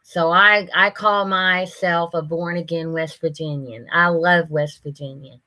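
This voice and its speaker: A woman's voice: fairly low pitch, fairly even intonation, unhurried, sharp tone, low-quality recording. A woman, hosting a livestream and chatting folksily with viewers by name. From Ohio, USA. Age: 60s. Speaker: livestream host. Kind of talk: casual chat reading viewer comments.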